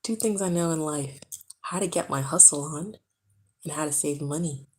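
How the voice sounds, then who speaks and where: Low-voiced woman chatting quietly at home. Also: moderate pace, poor audio. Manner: chatty, talks low so a sleeping baby is not woken. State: tired from being awake too long. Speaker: vlogger. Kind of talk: casual chat to camera. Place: home, indoors. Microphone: camera close up.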